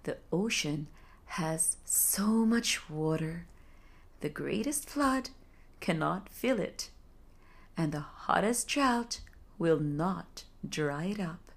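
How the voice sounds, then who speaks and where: A woman voicing a wise, well-traveled old male sea turtle in a husky voice, speaking slowly and gently in a bedtime story. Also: lowish voice, heavily acted. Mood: wistful. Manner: slow, gentle and calm.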